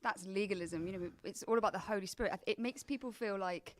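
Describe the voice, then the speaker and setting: A woman's voice: mid-range voice, fast talker. A woman in a casual podcast discussion, speaking earnestly and with emphasis. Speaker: podcast guest.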